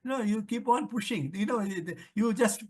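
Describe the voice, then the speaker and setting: An older man with an Indian English accent, an author being interviewed on the Vedas, lectures through a long answer at a moderate pace. His high voice is a little mellow with a breathy edge, and he repeats points and poses questions to himself as he explains.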